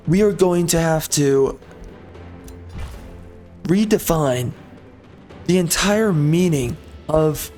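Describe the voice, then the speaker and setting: An American man hosting a gameplay video rants angrily as he plays, firing off rhetorical questions and minced swear words. His voice is a little high and slightly mellow.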